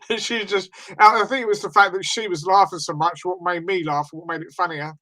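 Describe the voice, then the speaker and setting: A man co-hosting a podcast, telling stories in a lively way and laughing along with them in casual chat. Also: high-pitched, poor audio. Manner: animated storyteller, laughs at his own stories. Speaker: podcast co-host.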